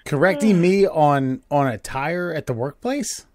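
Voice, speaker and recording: A man co-hosting a podcast with a slightly higher voice, laughing often and tripping over his words when flustered. The sound is dry and close. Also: expressive, unhurried, no room sound. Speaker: podcast co-host. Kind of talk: casual podcast banter.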